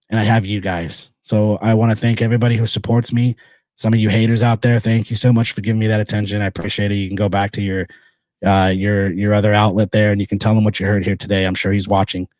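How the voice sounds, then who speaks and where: A man hosting a casual solo podcast, talking bluntly and rambling with repeated phrases between sponsor shout-outs. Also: lowish voice, no echo, clean studio sound. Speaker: podcast host.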